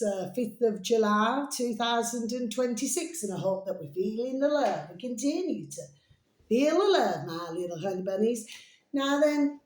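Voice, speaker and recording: A woman talks to camera in a rambling, casual way and keeps calling her viewers sweet pet names. Her throat sounds a little hoarse. The room around her has a noticeable echo. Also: mid-range voice, a little mellow. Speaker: video blogger. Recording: roomy echo.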